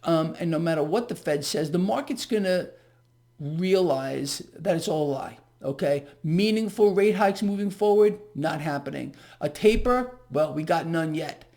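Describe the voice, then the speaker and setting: A man's voice: fairly high pitch, expressive, normal speed, a little mellow. A man hosting a solo market commentary, ranting in an agitated, sarcastic, mocking way.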